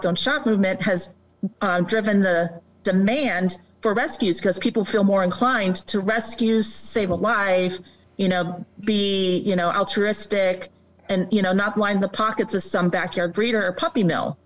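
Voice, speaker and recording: A woman on a casual podcast, explaining her point earnestly in a mid-pitched voice. She keeps a steady, conversational flow and now and then mimics other people in a higher voice. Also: recorded from a distance, low-quality recording. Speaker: guest on animal welfare.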